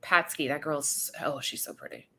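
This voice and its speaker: A woman's voice: sits low, very animated, normal speed, gravelly, bright, forceful tone, breathy edge. A woman co-hosting a live stream, chatting casually and gushing with enthusiasm. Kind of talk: casual chat.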